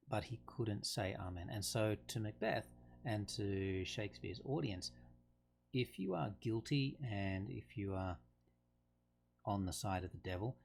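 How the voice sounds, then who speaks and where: Male teacher, lower register, casual explainer who thinks aloud. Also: creaky. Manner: conversational, thinking aloud with fillers and restarts. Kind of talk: casual lesson explaining a play.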